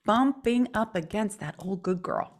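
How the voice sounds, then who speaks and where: A woman's voice: medium pitch, lively intonation, unhurried. A woman voice coach explaining and demonstrating speaking habits in an instructional chat, swinging her tone up and down as she acts out examples.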